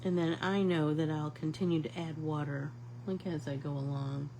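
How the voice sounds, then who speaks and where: A woman's voice: sits low, fairly even intonation, normal speed, darkish tone, slight background noise, rough recording. A middle-aged woman hosting a casual live painting class, chatting to viewers like friends and rambling through stories. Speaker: art class host.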